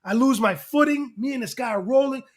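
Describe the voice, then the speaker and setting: A man telling a long story in casual chat, excitable and rambling, acting out what people said. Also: very high voice, brisk. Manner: excitable, rambling, acts out quotes. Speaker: guest rapper and actor.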